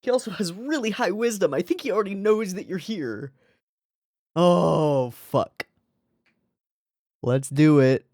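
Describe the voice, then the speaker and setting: A man's voice: high-pitched, unhurried, long pauses, a little mellow, dry recording, clean studio sound. A man hosting an anime reaction video. He swears freely, laughs often, and talks back at the characters on screen. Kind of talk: casual reaction commentary.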